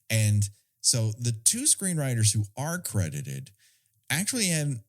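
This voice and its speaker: A man's voice: mid-range voice, big pitch swings, a little slow. A man co-hosting a podcast, chatting casually about a film in a sardonic, profane, storytelling way. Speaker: podcast co-host.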